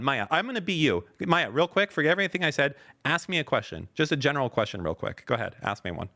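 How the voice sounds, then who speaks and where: A man in casual podcast chat with a lively, wide-ranging voice at a middle pitch. He talks bluntly and swears freely, and flares up into loud outbursts. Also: quick pace, gravelly, hardly any pauses. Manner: animated, profane, blunt outbursts. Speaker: podcast co-host.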